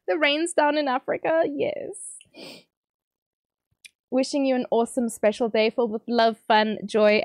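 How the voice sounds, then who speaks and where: A woman streamer reading out viewer messages on a livestream, teary and emotional, bubbly and quick to laugh. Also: mid-range voice, a little mellow, no echo, studio quality.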